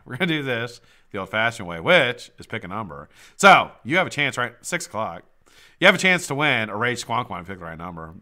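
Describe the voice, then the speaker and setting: Guy running a livestream giveaway, swears a lot, bright sharp voice, bouncy pitch. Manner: loud swings into excited shouts, swears freely. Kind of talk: casual live chat. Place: home streaming setup.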